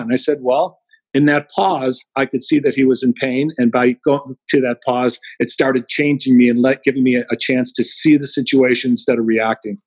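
A middle-aged man, a guest speaker, telling animated anecdotes in an interview and acting out the quotes. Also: mid-range voice, moderate pace, husky, no room sound, poor audio. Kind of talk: storytelling in an interview.

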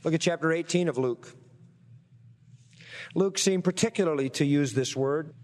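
A man preaching a sermon, reading scripture aloud and pausing to quiz his listeners with rhetorical questions. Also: a little high, darkish tone, long reverb tail. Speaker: pastor.

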